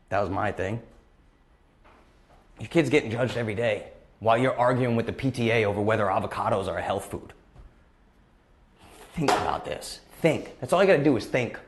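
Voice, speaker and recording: A man in his thirties hosting a live question-and-answer stream, talking bluntly and passionately and repeating phrases for emphasis. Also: mid-range voice. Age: 30s. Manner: impassioned, emphatic, gets worked up. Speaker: host of a live Q&A. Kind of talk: live-stream motivational talk.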